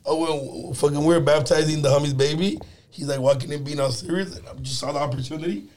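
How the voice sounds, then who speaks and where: A man's voice: on the high side, fairly even intonation, fast, darkish tone. A man co-hosting a casual chat, slangy and swearing often, laughing through his stories. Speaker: podcast co-host.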